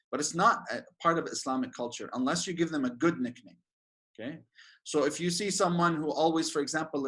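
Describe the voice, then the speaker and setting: A sheikh giving an informal religious lecture, chatty and joking, with many fillers and restarts. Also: male voice, mid-range voice, fairly bright tone. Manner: laughs at his own jokes.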